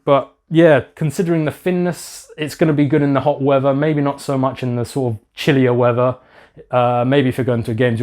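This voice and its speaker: Guy rambling through a casual shirt review, lots of ums, mid-pitched voice. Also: a little mellow. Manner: hesitant, many ums and restarts, self-deprecating asides. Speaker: YouTuber reviewing a football shirt. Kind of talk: casual product review vlog.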